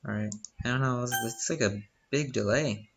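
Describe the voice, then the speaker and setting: A man's voice: mid-range voice, moderate pace, noisy background. A young man casually reading a visual novel aloud, breaking off with joking asides. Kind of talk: casual live game reading.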